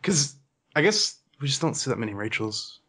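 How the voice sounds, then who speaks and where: A man talking in a relaxed, hesitant way during a casual online chat with friends. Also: medium pitch, normal speed, slightly rough. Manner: relaxed, laid-back, hesitant with fillers. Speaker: co-host.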